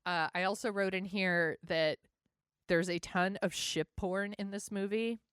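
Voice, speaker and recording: A woman's voice: mid-range voice, steady tone, measured pace, fairly bright tone, clear, resonant tone, no room sound. A woman co-hosting a podcast, chatting casually about a movie with wry, teasing asides, close to the mic. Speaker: podcast co-host.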